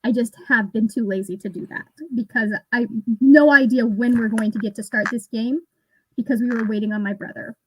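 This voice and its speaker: A woman in her thirties chats loosely with co-hosts during a cozy online reading session, rambling from topic to topic and laughing easily. Her voice sits a little high and sounds close and dry, with no room around it. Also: steady tone, a little fast, a bit bright, slightly rough, no echo, rough recording. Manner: chatty, rambling, laughs often. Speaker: booktube host. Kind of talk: casual livestream chat.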